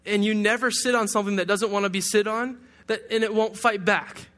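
A young man from Detroit delivers a sermon in a notably high voice. He preaches in a loose, joking way, with humorous asides to his listeners. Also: fairly even intonation, fairly quick, a bit bright. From Detroit, USA. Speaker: pastor.

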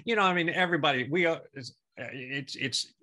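A middle-aged man, a former child actor, co-hosting an interview in enthusiastic, halting casual chat. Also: fairly high pitch, sharp tone.

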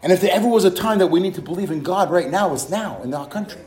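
A male pastor with a high voice preaches fervently and calls out hallelujahs between points. He throws rhetorical questions at the congregation. His voice echoes around a roomy, reverberant room. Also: animated, quick pace, warm tone. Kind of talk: sermon.

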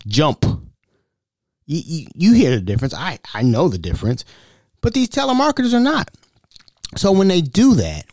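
A man hosting his own podcast, ranting in a casual, animated way and stumbling over repeated words. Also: no room sound, clean studio sound. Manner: animated ranting, repeats words, mocks callers in high voices. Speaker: podcast host.

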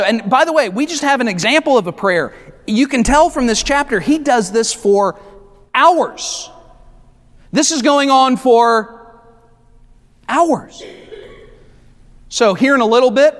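High-voiced pastor preaching in an echoing hall. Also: male voice, expressive, a bit bright. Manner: conversational preaching with asides to the congregation; slows down to stress key words. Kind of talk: sermon. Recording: long reverb of a large hall.

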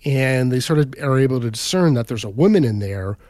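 A man's voice: medium pitch, lively intonation, a little fast, a little mellow, no echo. A man recounts a story in an easy, conversational way, full of fillers and little check-ins. His voice sits in a middle register. The recording is dry and close, with no room sound. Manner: rambling, filler-heavy, says "right?" and "like" often. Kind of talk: casual storytelling chat.

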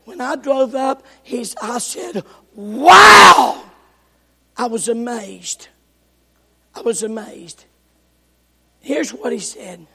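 A male pastor preaching a sermon, telling folksy stories with bursts of shouting, recorded in a church sanctuary. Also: extremely high pitch, slow, creaky, long pauses, slightly rough. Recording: echoey church hall.

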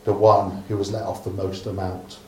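Preacher from Dorset, echoey room. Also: male voice, sits low, level tone, normal speed, a little hiss or hum. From Dorset, England. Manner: conversational storytelling, humorous asides, softening to a hush at the close. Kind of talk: sermon.

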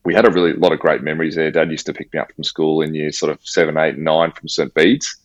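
A man's voice: extremely low pitch, level tone, fast, dry recording. An Australian man telling a personal story in casual conversation, with slang and acted-out dialogue. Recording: slightly dull, dry audio.

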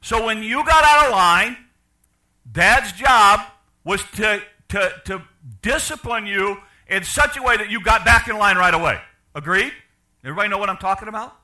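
Lively preacher man with a bright voice. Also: high voice, moderate pace. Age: older. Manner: preaching with questions to the congregation, big swings in loudness. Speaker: pastor. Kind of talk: sermon.

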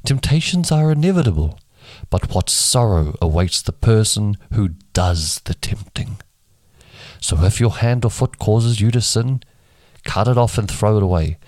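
Low voiced guy reading the bible out loud, dry close home mic, does little voices for the quotes. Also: lively intonation, a little slow, no room sound. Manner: reads dialogue with changing voices for each speaker. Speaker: Bible reading podcast host. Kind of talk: reading scripture aloud. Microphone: home microphone that keeps dropping.

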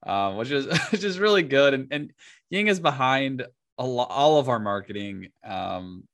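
A man in his thirties co-hosting a podcast, chatting casually and often breaking into laughter mid-story. His voice sits at a middle pitch and sounds dry and close, with no room around it. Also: lively intonation, normal speed, fairly bright tone, dry recording. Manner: laughs often while telling stories. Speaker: podcast co-host. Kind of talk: casual chat.

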